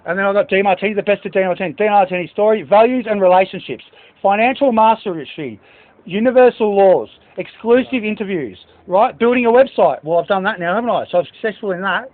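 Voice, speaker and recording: A man with a very high voice talks in an agitated, rambling way, swearing and listing book titles. The sound is thin and tinny, like a phone line. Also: quick pace. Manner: reads out list of book titles. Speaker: speaker addressing staff. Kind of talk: agitated monologue.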